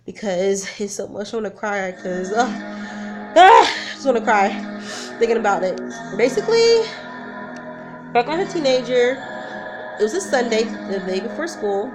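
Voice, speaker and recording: Recorded on a camera mic at home, with music blaring in the background, a woman tells a personal story in a casual vlog. Her voice sits on the high side with lively intonation and a normal pace, broken by long pauses. She's nervous and emotional, rambling and often stopping mid-sentence.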